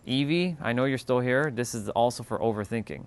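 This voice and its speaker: A man hosting a casual spiritual livestream, talking in a calm, unhurried way that turns loose and profane at times. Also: medium pitch, smooth. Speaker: livestream host.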